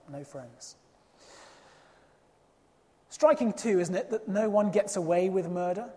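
An emphatic sermon from a preacher with a middling-pitched voice that rings out in a long hall reverb. He delivers it expressively, using rhetorical questions to drive his points home.

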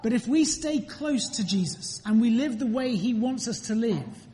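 A woman with a fairly high, mellow voice and lively intonation leads children through a talk in church. Her delivery is slow, clear and deliberate as she poses questions and pauses for replies, the room reverberating around her.

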